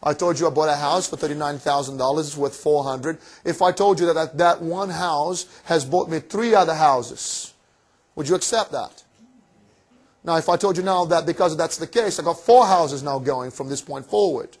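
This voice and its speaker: A man giving a motivational finance seminar to a live audience in a room, energetic and cheeky, firing off rhetorical questions. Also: a little high, moderate pace, husky. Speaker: seminar presenter.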